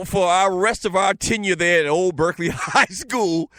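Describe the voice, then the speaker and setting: A man in his forties with a Southern Lowcountry accent, hosting a casual talk show, telling stories loosely and joking with the chat. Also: moderate pace, pushed and bright. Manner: loose, joking, storytelling with frequent fillers. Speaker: show host.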